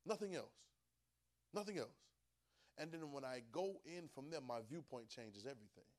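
Dialect-speaking preacher swinging from soft to loud. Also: male voice, mid-range voice, lively intonation, moderate pace. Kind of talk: sermon.

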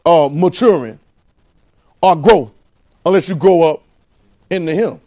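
Fairly high-voiced preacher calling out. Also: male voice, lively intonation, measured pace, long pauses, warm tone. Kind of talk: sermon.

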